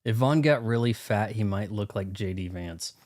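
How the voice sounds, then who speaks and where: A young man with a lowish, slightly mellow voice speaks at a normal pace during a live game stream. He rambles along with his chat in a self-deprecating way.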